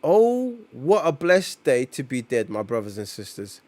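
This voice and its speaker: A man's voice: medium pitch, big pitch swings, unhurried, a little mellow, voice pushed down. A man voicing a solemn officiant at an underworld wedding from a comic, read aloud in a loose, unpolished way.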